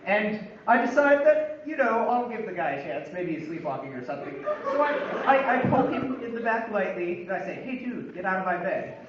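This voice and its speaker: High-pitched guy doing a funny story bit, wry and fed up, super echoey big room, far mic. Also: big pitch swings, fairly quick, noisy background. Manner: wry, building comic exasperation. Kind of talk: humorous storytelling monologue. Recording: very echoey, distant, dull room recording.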